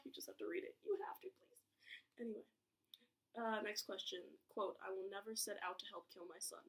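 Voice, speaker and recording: A woman's voice: medium pitch, fairly bright tone, low-quality recording. A young woman chatting casually on her vlog, thinking aloud and reacting dramatically. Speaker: booktuber.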